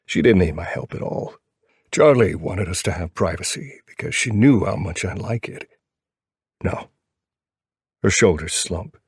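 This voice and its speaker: A man narrating a first-person romance audiobook in a low, brooding, wry voice. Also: moderate pace, gravelly, darkish tone, slightly rough, no echo, studio quality.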